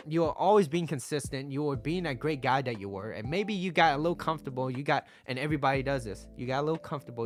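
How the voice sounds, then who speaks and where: A man's voice: medium pitch, fairly bright tone. Blunt man giving dating advice. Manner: blunt, emphatic, tags lines with "right?" and "okay?". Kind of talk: direct-to-camera advice monologue.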